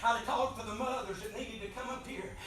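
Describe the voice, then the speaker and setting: Man preaching hard, voice way up high, soft then yelling, super echoey church, mic far off. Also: steady tone, quick pace, a little hiss or hum. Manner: swings between soft pleading and loud shouting. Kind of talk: impassioned revival sermon. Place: church sanctuary.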